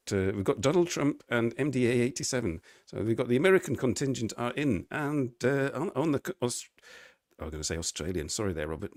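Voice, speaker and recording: A man's voice: fairly low pitch, no echo, studio quality. A middle-aged man chatting casually on his live stream from his living room, greeting viewers and laughing often.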